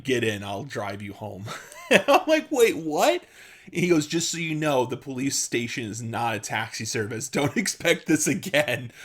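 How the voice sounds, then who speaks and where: Laughing young man telling a story. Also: mid-range voice. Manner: laughs often, halting restarts, animated quoted dialogue. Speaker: channel host. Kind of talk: casual storytelling.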